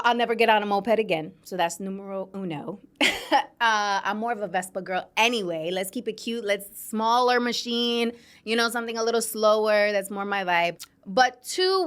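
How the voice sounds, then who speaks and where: Chatty new york woman hosting her show, talks right to the listeners, laughs a lot. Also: mid-range voice. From New York City. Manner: chatty and animated, laughs often, addresses listeners directly. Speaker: podcast host. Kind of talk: casual storytelling monologue. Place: studio.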